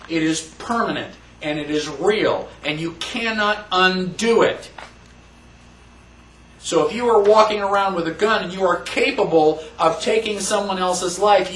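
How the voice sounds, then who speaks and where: Higher-voiced man lecturing in a roomy hall. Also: a bit bright. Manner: emphatic, asks the audience questions. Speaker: constitution class teacher. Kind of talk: classroom lecture. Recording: roomy, distant mic.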